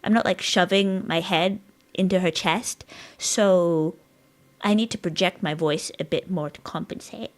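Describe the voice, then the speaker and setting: A woman's voice: lowish voice, measured pace. Woman streamer, casual live chat, rambling, giggly, slightly strained voice. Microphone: dynamic studio mic.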